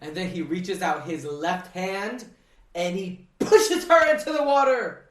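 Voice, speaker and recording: A man co-hosting a podcast and recapping a TV drama in casual chat, an animated storyteller who acts out the characters and swears playfully. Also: high-pitched, takes it slowly, reverberant. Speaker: podcast co-host.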